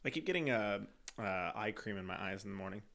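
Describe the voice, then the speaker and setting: A man's voice: on the low side, animated, fast, gravelly, a bit bright. A man co-hosting a podcast, chatting casually in a playful, rambling way and laughing often. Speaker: podcast co-host. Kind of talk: casual chat.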